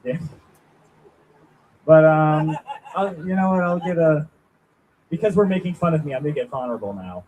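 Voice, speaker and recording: A man's voice: fairly high pitch, moderate pace, long pauses, a little mellow, muffled recording, a little hiss or hum. Self-mocking young man doing stand-up. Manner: self-deprecating, rambling, chats with the crowd. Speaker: stand-up comic. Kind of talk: stand-up comedy set. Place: small venue at an open mic.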